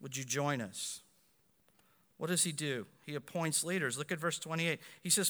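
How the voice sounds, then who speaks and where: A man, a pastor, preaching a sermon with animated delivery, swinging between loud and hushed passages. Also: fairly high pitch, normal speed, in a large hall.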